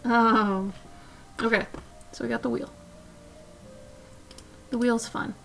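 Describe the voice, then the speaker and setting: Female streamer, high and unhurried, soft rambling casual chat, desk mic, faint music behind. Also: steady tone, vocal fry. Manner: chatty, soft-spoken, drifting between asides. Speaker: live-stream artist host. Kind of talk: casual chat while drawing.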